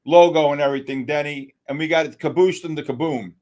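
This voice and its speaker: Excitable high-voiced trading stream host. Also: male voice, fast talker, few pauses. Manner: excitable, exclamatory, calls out viewers by name. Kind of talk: live market commentary.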